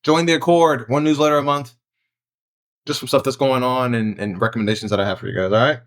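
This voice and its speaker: A man's voice: medium pitch, fairly even intonation, fast talker. A man hosting his own review channel, talking casually and thinking aloud with fillers and self-corrections. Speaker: fragrance reviewer, channel host. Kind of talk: casual unscripted review vlog.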